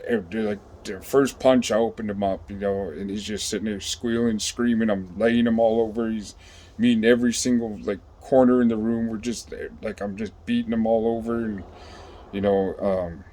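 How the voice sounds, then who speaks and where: A man telling a story in a casual, rambling way, swearing a lot and filling pauses with ums and you-knows. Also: fairly low pitch, steady tone, dark tone, slight background noise. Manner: rambling, profane, with many fillers.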